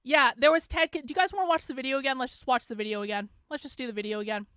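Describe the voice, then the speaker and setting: A woman hosting a livestream, with a high, smooth voice. She is sarcastic and profane and talks straight to her viewers. The sound is close and dry. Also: racing, a bit bright, no echo. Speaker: host. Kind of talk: livestream commentary.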